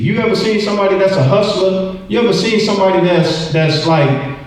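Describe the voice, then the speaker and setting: A man in his forties teaching a Bible lesson in an animated way, acting out quoted voices and repeating words. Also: high voice, a little fast. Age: 40s. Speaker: church teacher. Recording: echoey room from far off.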